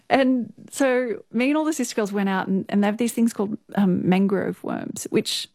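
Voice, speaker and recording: Telling stories as a guest in a casual interview, a young Australian woman who is also a news presenter chats away, laughs a lot, and uses "like" constantly. Her voice is medium-pitched and a little mellow at a normal speed with few pauses, recorded cleanly in a studio with no room sound.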